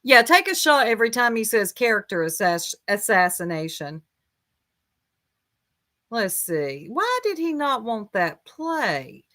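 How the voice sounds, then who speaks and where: A woman talks over a clip she is reacting to. Her voice sits a little high, and her asides are sarcastic and mocking as she speaks to her viewers. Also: big pitch swings, unhurried, sharp tone. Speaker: commentary streamer.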